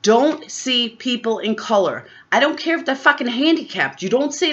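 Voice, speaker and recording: A woman on a dull, lo-fi home recording rants to camera, her fairly high voice leaping up and down as she swears bluntly through a political tirade. It sounds heated and unfiltered. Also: lively intonation, normal speed, hardly any pauses, a bit bright. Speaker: vlogger.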